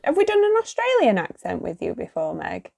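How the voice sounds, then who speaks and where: An English woman co-hosting a podcast cheers her friends on and laughs loudly. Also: fairly high pitch, huge pitch swings, brisk, gravelly. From England. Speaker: podcast co-host. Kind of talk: casual chat among friends.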